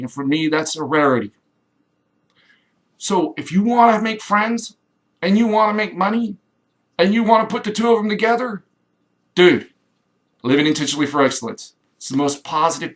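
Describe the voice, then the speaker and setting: A middle-aged man from Kansas in a rambling, enthusiastic direct-to-camera pitch, acting out little quoted voices. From Kansas, USA. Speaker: home business promoter.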